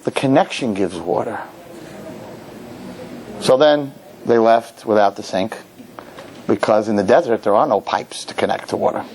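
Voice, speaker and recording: A rabbi giving a lecture, telling a funny story and acting out its characters before drawing a lesson. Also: male voice, on the low side, moderate pace, a little hiss or hum, rough recording. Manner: animated storyteller, jokes, acts out characters. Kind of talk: humorous sermon lecture.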